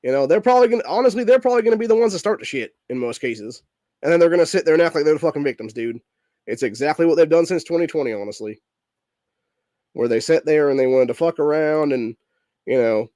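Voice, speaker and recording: A man hosting a political podcast, his voice worn rough from illness. He rants in a heated, profane stream, ending almost every line with "dude." His voice sits a little high for a man, and it comes across dry and close. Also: lively intonation, quick pace, dark tone, no echo. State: sick, voice messed up. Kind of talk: angry political rant.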